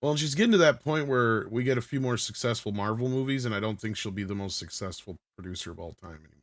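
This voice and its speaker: A man's voice: mid-range voice, dry recording. A man hosting a casual pop-culture panel show, reading viewer messages and joking with the guests. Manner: joking, quick to laugh.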